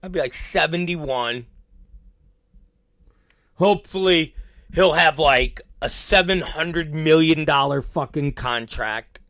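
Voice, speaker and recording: A man in his fifties hosting a podcast, telling rambling, profane stories in a casual, animated way. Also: on the high side, slow pace, pauses often, dry recording. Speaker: podcast host. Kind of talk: casual storytelling monologue.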